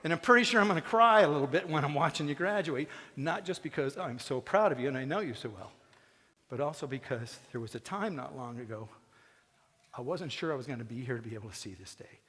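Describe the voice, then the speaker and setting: A man's voice: fairly high pitch, animated, fast talker, fairly bright tone, husky. A man giving a personal commencement speech from a stage, folksy and joking one moment, earnest and moving the next. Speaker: commencement speaker. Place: theatre stage. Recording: long hall reverb in a theatre.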